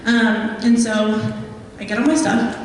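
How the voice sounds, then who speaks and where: Young woman speaker, chatty storytelling, slightly high voice, recorded from far off in a hall. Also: steady tone, a little slow, a little hiss or hum. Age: young adult. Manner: chatty storytelling with many ums. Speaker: guest speaker. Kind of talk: live talk with audience questions. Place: meeting hall.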